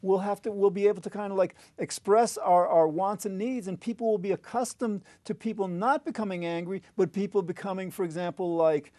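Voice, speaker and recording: A man's voice: high-pitched, steady tone, a little fast, hardly any pauses, dark tone, no echo. A man in a podcast debate, explaining his point earnestly, with frequent restarts and fillers.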